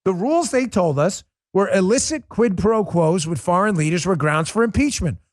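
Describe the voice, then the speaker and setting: A middle-aged man rants in a fired-up, scornful political monologue, hammering his points with insults and repetition. His voice sits high and swings widely in pitch. The sound is close and dry, with no room around it. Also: expressive, normal speed, no room sound. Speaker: political commentary host.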